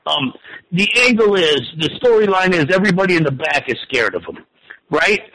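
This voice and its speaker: A man in his forties talks sports in a bright, high voice. He is excitable and swears freely, tripping over stammered restarts as he rushes on. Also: a little hiss or hum, low-quality recording. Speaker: wrestling and football pundit guest. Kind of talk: excited casual sports talk.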